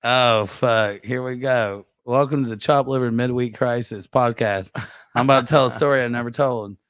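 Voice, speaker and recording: A man's voice: medium pitch, normal speed, a bit bright, clean tone, dry recording. A man hosting a casual podcast chat, scattered and searching for names with lots of filler.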